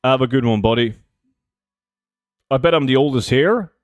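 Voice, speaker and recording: Streaming a game, this twenties-aged guy answers chat in a relaxed way at a moderate pace, his pitch sitting in an ordinary middle range. The audio is close to the mic, dry with no echo, and somewhat dull.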